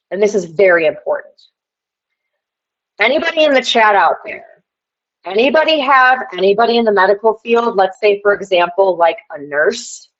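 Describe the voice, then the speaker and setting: A woman with a mid-range voice, on as a livestream guest, tells a rambling story and speaks right to the chat in a casual rant. The recording is muffled.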